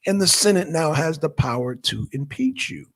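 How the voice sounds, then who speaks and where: A man's voice: fairly high pitch, expressive, normal speed. A man from Georgia with a Southern accent, chatting casually to viewers as the host of a political livestream. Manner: chatty, addresses viewers directly, gives shout-outs.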